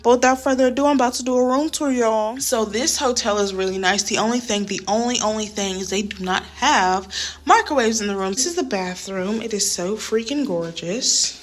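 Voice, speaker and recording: A young woman, a flight attendant, chatting casually in an animated, slangy vlog while walking through a hotel room with a handheld phone. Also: fairly high pitch, brisk. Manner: animated storytelling, slangy, says "y'all".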